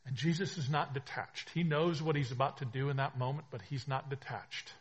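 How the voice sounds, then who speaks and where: Husky-voiced male preacher. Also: medium pitch, steady tone, a little fast, dull audio. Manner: preaching with swells from hushed to emphatic. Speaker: pastor. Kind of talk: sermon.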